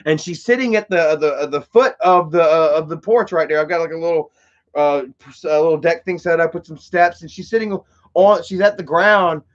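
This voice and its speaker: A man's voice: fairly high pitch, moderate pace, highs cut off. A man telling a story to his live stream chat in a casual, rambling way, full of fillers, restarts and swearing.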